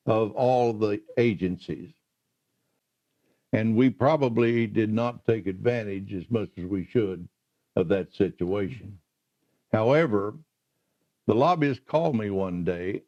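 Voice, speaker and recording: An older man slowly recalling his career in an oral history interview, pausing often with "uh". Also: medium pitch, dark tone. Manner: slow, halting storyteller with many "uh" pauses. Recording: muffled lo-fi recording.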